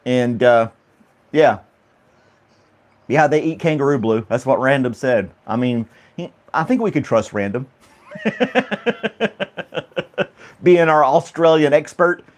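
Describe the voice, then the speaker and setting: A man's voice: medium pitch, takes it slowly, pauses often. Rambling, laughing man chatting. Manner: laughs often, rambling, asks chat questions. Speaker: livestream host reading chat. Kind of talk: casual chat with viewers.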